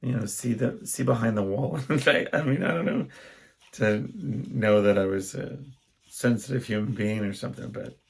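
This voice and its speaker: A young man talks through a loose solo podcast monologue in a heavily gravelly, husky voice. He wanders from story to story and keeps cutting himself off to start again. His pitch sits in a plain middle range. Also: moderate pace. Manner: rambling, self-interrupting storyteller. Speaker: podcast host.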